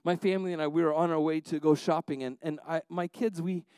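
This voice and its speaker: A man's voice: a little high, fairly even intonation, fast talker, clear, resonant tone, dry recording. A man preaching a sermon as a pastor, telling family stories with many restarts and building to passionate exhortations. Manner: storytelling, many restarts, swings between soft asides and rising exhortation.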